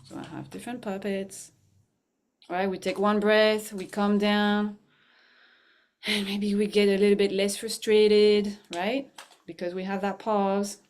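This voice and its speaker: A woman's voice: mid-range voice, level tone, measured pace, darkish tone. Chatty, laughing woman teaching mindfulness. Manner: chatty, laughs often, many restarts and fillers. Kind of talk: conversational storytelling.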